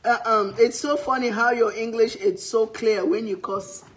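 A woman's voice: on the high side, fairly even intonation, normal speed. Teasing, laughing middle-aged woman. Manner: teasing, laughs often, playful and loud. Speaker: cooking livestream host. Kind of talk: casual chat.

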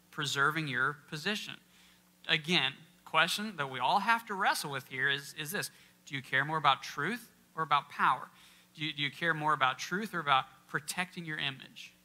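This man's bright, forceful voice runs on the high side. He is a workshop speaker presenting an interactive Bible teaching in a church, questioning the live audience and stressing key words in a casual, conversational way.

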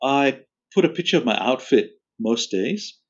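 A man chatting as a podcast guest, relaxed and quick to laugh. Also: medium pitch. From Australia. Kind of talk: casual interview chat. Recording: dull lo-fi audio.

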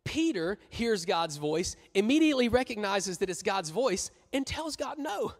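A young-church preacher with a high voice, joking and animated as he talks to the room. His words carry long reverb through a large church hall. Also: moderate pace. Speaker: youth pastor. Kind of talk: sermon.

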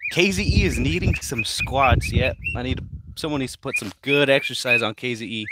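A man's voice: medium pitch, moderate pace, heavy background noise. Laid-back man chatting on a livestream. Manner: laid-back, mumbly, talks to his pets. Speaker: livestream host reading chat. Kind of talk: casual livestream chat. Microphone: phone.

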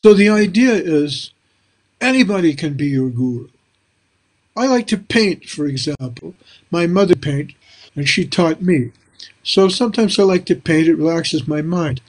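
A man's voice: on the high side, animated, normal speed. An older man hosting a casual interview, talking in a reflective, rambling way with many fillers. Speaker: host.

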